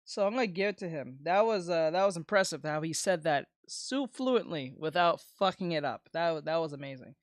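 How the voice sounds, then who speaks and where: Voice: mid-range voice, expressive, moderate pace, hardly any pauses, no echo, studio quality. An American streamer giving casual reaction commentary, chatty, repeating words and swearing freely.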